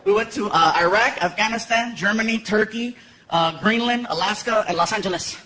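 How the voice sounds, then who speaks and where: A stand-up comedian telling an animated story and laughing along as he acts out scenes on stage. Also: high-pitched, fairly quick, background noise. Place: large live comedy venue. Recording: echoey hall with loud crowd laughter.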